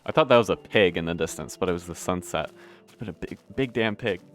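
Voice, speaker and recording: A young man with a low, deep voice talks his way through a building game, rambling and correcting himself as he goes. He swears casually and hiccups between lines. Soft music plays faintly underneath. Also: fast. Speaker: gameplay video host. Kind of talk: casual gameplay commentary.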